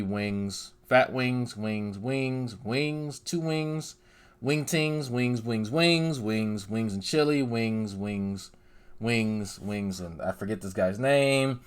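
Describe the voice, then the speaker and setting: A man's voice: on the low side, takes it slowly, clean tone. A man narrating a commentary video in a sarcastic, mocking tone. He repeats words over and over for effect and drops profanity in his asides. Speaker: commentary YouTuber.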